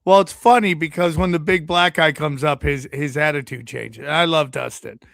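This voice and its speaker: A man with a high voice trades stories with a co-host in loose podcast chat. He swears freely and acts out other people's lines as he goes. The sound is dry and close. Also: moderate pace, creaky, a bit bright, no room sound. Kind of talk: casual chat, storytelling.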